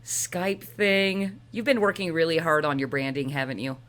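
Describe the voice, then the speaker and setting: Low voiced lady co-host, rambly and candid, casual live chat. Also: steady tone, normal speed, fairly bright tone.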